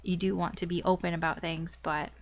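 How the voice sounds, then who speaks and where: A woman's voice: lowish voice, little pitch movement, fairly quick, slight background noise. Chatty woman giving a tarot reading. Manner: chatty, frequent fillers and restarts, light laughs. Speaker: tarot reader. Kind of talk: casual spoken tarot reading.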